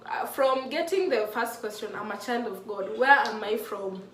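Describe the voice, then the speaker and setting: This faith vlogger, a woman in her mid-20s, has a slightly high, somewhat bright voice and talks at a normal pace. Her heartfelt, casual talk to camera about her faith is emotional and full of restarts. It's recorded in an echoey room with a distant microphone.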